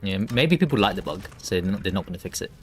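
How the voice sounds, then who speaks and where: A man's voice: low-pitched, expressive, very fast, a little hiss or hum. A man chatting casually and joking while streaming a co-op game. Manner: joking, chatty, laughs easily. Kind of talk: casual gameplay chat.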